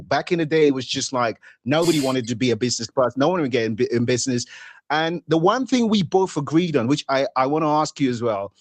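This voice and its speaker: A man's voice: a little high, no echo. A man hosting a live stream interview, affirming and eager, telling his own business story. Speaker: host.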